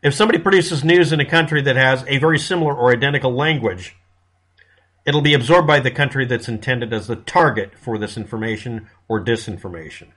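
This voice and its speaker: A man's voice: mid-range voice, fairly quick, fairly bright tone, slightly rough. Blunt, profane man giving commentary. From United States. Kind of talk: casual monologue commentary.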